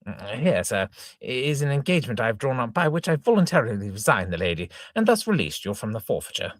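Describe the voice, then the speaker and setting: Casting: a man as a polite young suitor, formal and measured, slightly husky. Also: medium pitch, big pitch swings, no room sound, clean studio sound. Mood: courteous.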